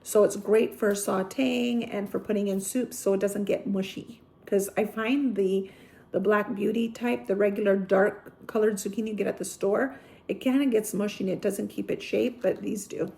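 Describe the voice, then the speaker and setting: A woman from southern Italy talks through a seed haul in a loose, chatty way, often stopping to correct herself or fill gaps with an um. Her voice carries a steady gravelly fry at a middling pitch. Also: moderate pace. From Apulia, Italy. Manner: chatty, rambling, self-correcting with frequent ums. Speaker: gardening vlogger. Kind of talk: casual seed-haul show-and-tell.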